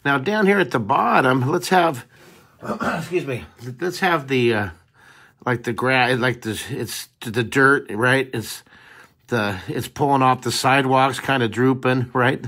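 A man's voice: medium pitch, a bit bright. A man hosting a live drawing lesson, chatting cheerfully with viewers and answering their comments as he sketches. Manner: chatty and upbeat, talking to viewers while sketching. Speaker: drawing teacher and show host.

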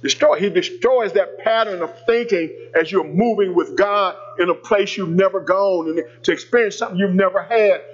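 Husky preaching pastor, man. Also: high voice, normal speed, few pauses, dull audio. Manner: conversational preaching with call-outs to the congregation. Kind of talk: sermon storytelling.

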